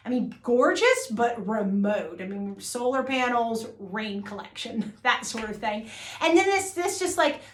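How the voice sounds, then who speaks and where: A woman's voice: mid-range voice, a bit bright. Chatty woman in an echoey room. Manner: chatty, uses y'all, many fillers and restarts. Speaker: jewelry business owner. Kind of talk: casual storytelling to camera.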